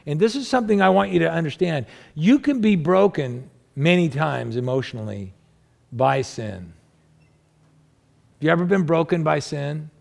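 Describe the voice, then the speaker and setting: A man preaching as a pastor, talking to the congregation in a conversational way and asking many rhetorical questions, moving between emphatic raised passages and low, quiet asides. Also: expressive, moderate pace, gravelly. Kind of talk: sermon.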